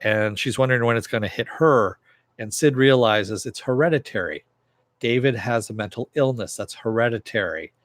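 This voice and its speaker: A man's voice: on the low side, a bit bright, no echo. A man casually recapping a TV episode, rambling with lots of fillers and restarts, quoting characters in a slightly raised voice. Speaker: TV episode reviewer.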